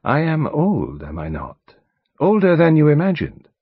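A man reading an audiobook, voicing a fastidious, self-assured elderly male detective in a calm, precise manner. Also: on the high side, slightly rough, no room sound, pitched above the performer's own voice, full character voice. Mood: courteous. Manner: precise, placid, courteous. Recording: dull studio audiobook recording.

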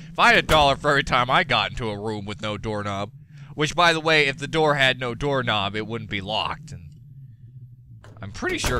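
A man giving gameplay commentary as a let's play gamer, excitable, profane and given to rants. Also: mid-range voice, slight background noise.

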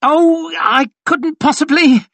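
A man voicing a nervous, overweight male soldier who squeaks and babbles when put on the spot. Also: takes it slowly, fairly bright tone, dry recording, full character voice. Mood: flustered. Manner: flustered, babbling. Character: fat nervous male soldier, self-mocking.

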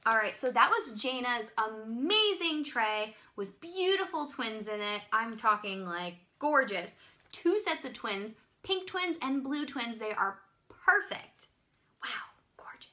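A woman hosting a live online sales demo, gushing over every item with frequent excited exclamations. Her voice is bright and fairly high, swinging widely in pitch as she talks. She speaks at a slow, drawn-out pace. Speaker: live-stream pearl seller.

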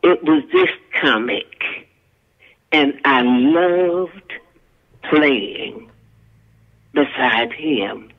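A woman's voice: deep voice, lively intonation, extremely slow, vocal fry, long pauses, narrow, tinny audio. An older woman, a guest actress and singer, telling stories from her career in a folksy, country-spoken way. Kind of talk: casual storytelling interview.

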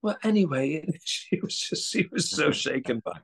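He's an actor guesting on a casual interview, his voice a little high and breathy, at normal speed. The accent is a mix, partly Australian, and his delivery is animated, full of stammered restarts, laughter, and mimicry.

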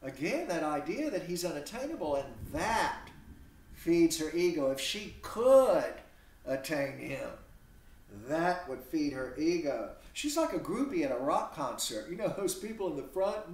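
A man lecturing a class on literature, animated and full of rhetorical questions, heard from a distance in a classroom. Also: a little high. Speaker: literature instructor. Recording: echoey classroom from far off.

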